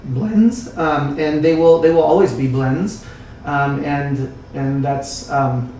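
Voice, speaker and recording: A man who works as a winemaker talks in a rambling, casual way full of fillers and restarts, with a croaky throat. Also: a little high, steady tone, slow pace, mellow, slight background noise. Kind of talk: casual podcast chat. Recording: roomy sound, distant mic.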